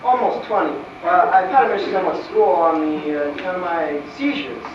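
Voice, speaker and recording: A man's voice: high voice, expressive, moderate pace, highs cut off. Stage play: actor as a meek, polite young man, distant echoey recording with hiss. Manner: meek and polite, says "sir". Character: shy young man with fits, almost twenty.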